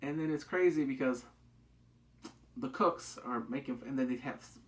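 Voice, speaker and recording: This TV show reviewer is a man talking casually and excitably about an episode at a normal speed. He acts out quotes with big leaps in pitch and swears loosely.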